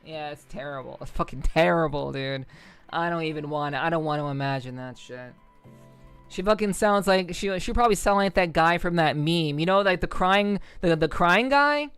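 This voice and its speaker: A woman from the New York City area talks loosely to her livestream chat, wandering from thought to thought and swearing freely. Her voice is smooth and clear, broken up by frequent ums and quick laughs. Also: low voice, expressive, soft background music. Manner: rambling, profane, full of ums and laughs. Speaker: streamer. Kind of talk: casual livestream chat with viewers.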